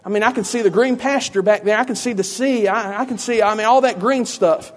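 High-voiced man preaching a sermon. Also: a little fast. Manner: conversational, questioning, with rhetorical asides.

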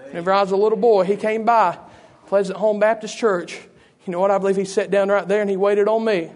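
High-voiced preacher man. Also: steady tone, quick pace, darkish tone. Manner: preaching with repeated rhetorical questions to the congregation. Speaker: pastor. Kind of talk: sermon.

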